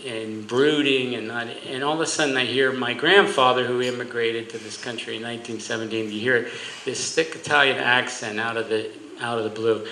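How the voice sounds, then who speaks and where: A man telling stories at a roast with comic timing and deadpan asides. His voice is bright and forceful, and it echoes around a roomy hall over a faint murmur of ambience. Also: mid-range voice, fairly quick, slight background noise. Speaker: judge giving a roast speech. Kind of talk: humorous roast speech.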